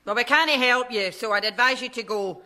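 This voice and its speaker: An actress with a Scottish accent playing a bossy, sharp-tongued middle-aged mother in a sitcom, firing off quick comebacks. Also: on the high side.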